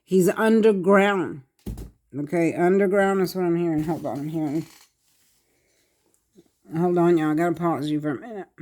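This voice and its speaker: A tarot reader, talking to viewers in short, halting, repetitive bursts of earnest speech. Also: mid-range voice, mellow. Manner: earnest, addresses viewers directly. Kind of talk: tarot card reading monologue.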